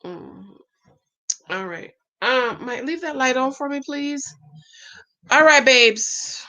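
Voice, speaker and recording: Woman, live-stream host, casual chat, tired, high bright voice. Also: animated, slow pace. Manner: chatty, laughs often, talks to viewers as "babes" and "y'all". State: tired, winding down for bed.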